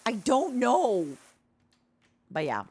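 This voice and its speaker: A woman's voice: fairly high pitch, extremely slow, husky. A young woman streamer chatting casually with her viewers, rambling and giggly as she tells stories. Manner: rambling, giggly, excitable storytelling.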